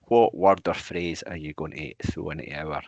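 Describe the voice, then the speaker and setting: Deep husky Scottish podcast host. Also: male voice, fairly even intonation, normal speed, darkish tone, no room sound. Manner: chatty, jokey, teasing. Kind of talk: casual podcast chat.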